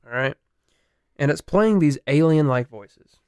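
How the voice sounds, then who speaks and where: A young man co-hosting a podcast, retelling a story in casual chat, animated, swearing and laughing. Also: on the high side, measured pace, smooth, no echo, studio quality. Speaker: podcast co-host.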